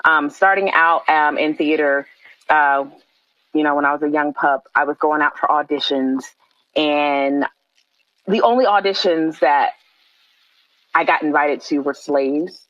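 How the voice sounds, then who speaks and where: A woman, a playwright, answering on a podcast in an earnest, thoughtful way with frequent pauses and fillers. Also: sits low, steady tone, fairly bright tone, no room sound, highs cut off. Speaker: playwright guest.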